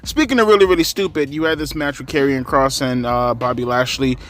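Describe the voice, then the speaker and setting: A man's voice: medium pitch, brisk, a bit bright. A man giving a casual, rambling wrestling recap, sarcastic and swearing freely. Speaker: wrestling commentary vlogger.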